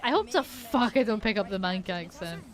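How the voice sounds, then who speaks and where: A woman's voice: medium pitch, sing-song, moderate pace. Polish-accented woman streamer, chatty. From Poland. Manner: chatty, swears casually, frequent restarts. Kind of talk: casual chat while gaming on stream.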